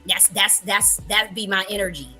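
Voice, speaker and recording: A woman's voice: medium pitch, normal speed, pushed and bright, faint music behind. A woman hosting a livestream who talks casually and emphatically, full of profanity and repeated words. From Buffalo area, US. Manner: profane, repetitive, emphatic, laughing. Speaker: livestream host. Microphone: livestream mic.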